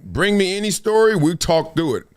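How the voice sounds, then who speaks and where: Lively, high-pitched man hosting a live stream. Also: moderate pace, smooth. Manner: animated storytelling, acts out quotes, laughs often, swears. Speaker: host. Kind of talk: animated casual live-stream talk.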